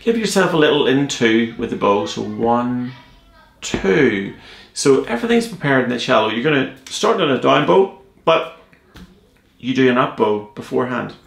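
A man's voice: mid-range voice, sing-song, moderate pace, creaky, echoey room. A man teaching a cello piece in a playful, joking, encouraging way. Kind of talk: music tutorial.

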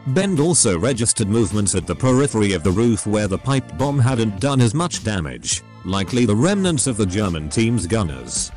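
A low-pitched synthetic male voice reads scripted story narration with a steady, machine-made delivery. Its pitch moves animatedly across sentences while faint music plays underneath. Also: moderate pace, few pauses. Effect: synthetic text-to-speech voice.

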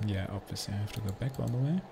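A man's voice: fairly low pitch, racing, gravelly, noisy background. A man streaming a game with casual commentary and dry, sarcastic asides.

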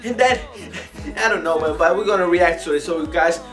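Young dude vlogging, tons of you know's, bit high voiced, soft music behind. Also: male voice, brisk. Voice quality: rambling, heavy use of fillers. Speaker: youtuber host. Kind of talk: casual vlog rambling.

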